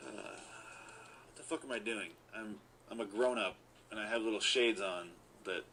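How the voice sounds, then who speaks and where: A man's voice: fairly low pitch, a little slow, background noise. A man in his thirties, a comedian, ranting at himself with self-mocking swearing in a tiny studio. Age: 30s.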